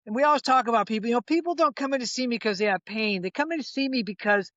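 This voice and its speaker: A man in his sixties, a chiropractor guest, telling a patient story in lively conversational style. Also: very high voice, rapid-fire, dry recording, lo-fi sound. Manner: animated storyteller, acts out quoted voices, frequent restarts.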